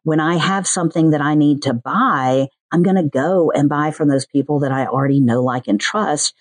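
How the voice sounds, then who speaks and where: A woman with a Southern US accent, a podcast producer chatting in an interview and slipping into quick voiced asides. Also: low voice, no room sound. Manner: chatty, animated, mimics other people's voices in quick asides. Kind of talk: casual interview chat.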